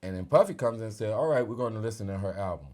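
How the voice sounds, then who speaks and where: A middle-aged R&B singer from North Carolina tells stories in a casual interview, animatedly acting out the voices of the people he quotes. His pitch is fairly low and he talks very fast.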